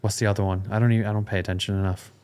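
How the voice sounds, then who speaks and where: A young man talks on a podcast in a dry, matter-of-fact way. His voice is somewhat low, and his delivery stays steady. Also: rapid-fire, clean tone. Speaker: podcast co-host. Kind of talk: casual chat.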